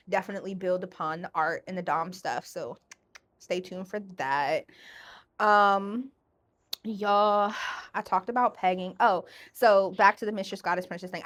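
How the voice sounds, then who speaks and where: Woman podcast host, casual solo talk, animated, swears freely, acts out quotes. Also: on the low side. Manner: animated, profane, acts out voices.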